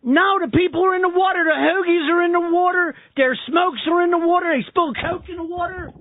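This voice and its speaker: A talk radio host doing a voice of an exasperated Philadelphia man yelling down the phone, with a loud, nasal Philadelphia accent. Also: extremely high pitch, brisk, no echo, voice pushed up. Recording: tinny phone-like radio audio.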